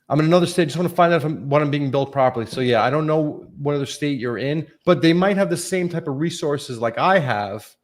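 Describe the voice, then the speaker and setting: A middle-aged man, hosting a live Q&A as a lawyer. He reads comments aloud and answers in an easygoing, offhand way, tossing in quick jokes. His voice sits at an ordinary pitch for a man. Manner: casual, offhand, jokey asides. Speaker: workers' compensation lawyer answering viewer questions.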